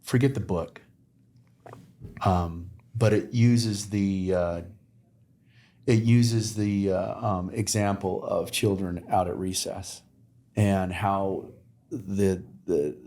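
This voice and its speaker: A man with a somewhat low voice tells stories as a podcast guest, halting often and restarting his sentences. The recording has a roomy, echoing sound. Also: fairly even intonation, mellow. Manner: rambling storyteller with many fillers and restarts. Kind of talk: casual conversation. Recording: roomy echo.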